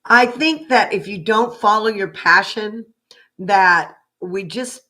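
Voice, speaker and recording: A woman's voice: medium pitch, takes it slowly, pushed and bright. An older woman from Oklahoma, a psychic reader chatting casually on a livestream, rambling with fillers and restarts.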